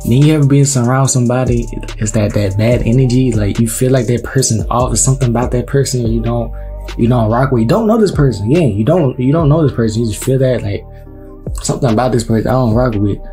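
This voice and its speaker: A man's voice: medium pitch, a little fast, mellow, soft background music. A man reacting to a clip, explaining and preaching in casual slang and repeating his points. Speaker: reaction video host. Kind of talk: reaction commentary.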